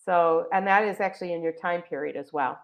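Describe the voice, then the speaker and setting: A woman's voice: lowish voice, brisk, vocal fry. A woman presenting a live webinar, walking viewers through a website in a chatty, enthusiastic way with many fillers. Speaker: webinar presenter for a text library. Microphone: video call. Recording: dull lo-fi video call audio.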